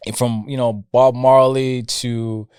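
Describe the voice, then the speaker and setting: A man's voice: medium pitch, slow, smooth, no room sound, studio quality. A young man from a Jamaican background, co-hosting a podcast in casual chat and telling stories. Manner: animated, laughing banter. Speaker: podcast co-host.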